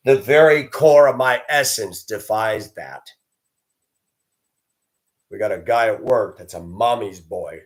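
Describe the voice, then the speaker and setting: A man's voice: lowish voice, animated, slow pace. A man hosting his own video, delivering a blunt, combative, profane rant and mocking others in a raised voice. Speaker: video host. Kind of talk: ranting monologue.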